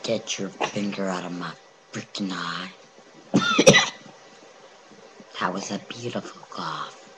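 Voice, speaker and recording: A man's voice: sits low, fairly even intonation, normal speed, background noise. A young man doing goofy, mock-dramatic commentary while playing a game, often dropping to a whisper. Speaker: gamer recording a video.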